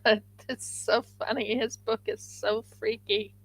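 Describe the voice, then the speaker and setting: A woman's voice: fairly high pitch, fairly even intonation, unhurried, husky, low-quality recording. A woman hosting a craft livestream, chatting casually and rambling with frequent restarts.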